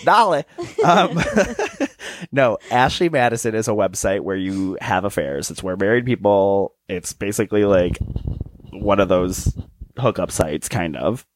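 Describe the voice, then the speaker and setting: A young man co-hosting a podcast in casual chat, animated and quick to mimic other people in high voices. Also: no room sound. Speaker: podcast co-host.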